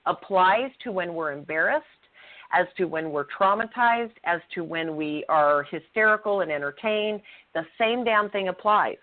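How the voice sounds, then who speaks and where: A woman's voice: lowish voice, a little slow. A middle-aged woman co-hosting a podcast, telling a personal story earnestly and emphatically, sometimes swearing. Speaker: podcast co-host. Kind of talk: conversational podcast talk. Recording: phone-like narrow sound.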